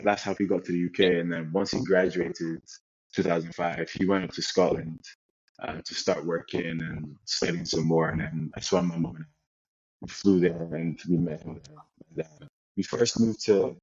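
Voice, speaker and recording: A young man from Nigeria, a football player, telling his story in a relaxed interview chat with many restarts. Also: deep voice, moderate pace, breathy edge. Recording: dull lo-fi sound.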